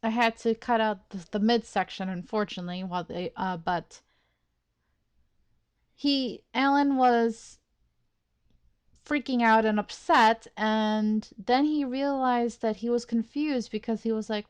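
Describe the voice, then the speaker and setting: A woman's voice: on the high side, fairly even intonation, measured pace, clear, resonant tone, no room sound. A young woman chatting casually as a let's play host, reacting to a story game with exasperated, laughing commentary. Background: faint game music.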